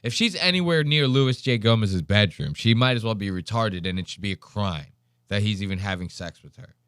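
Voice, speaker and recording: A man hosting a podcast, casually mocking the clips he plays with crude, animated commentary. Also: fairly low pitch, brisk, clean tone, no echo, studio quality. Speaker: podcast host.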